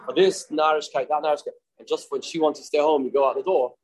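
Man, Talmud teacher, repeats phrases, story-driven lesson, somewhat high pitch. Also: fairly even intonation, quick pace, rough recording. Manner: storytelling, repeats phrases, mixes in Hebrew and Yiddish terms. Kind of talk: daily Talmud class.

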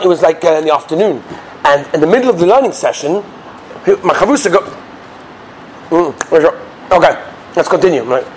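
A man teaching Jewish law as a lively lecture, full of stories and rhetorical questions. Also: on the high side, slight background noise. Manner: lively storytelling, rhetorical questions, mixes Yiddish and Hebrew terms. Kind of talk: animated lecture with anecdotes.

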